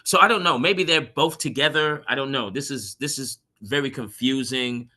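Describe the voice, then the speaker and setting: A man's voice: medium pitch, normal speed, pushed and bright. A man on a podcast panel talking casually, rambling with lots of "you know" and "right?" asides. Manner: rambling, many fillers like "you know" and "right?", laughs at his own points.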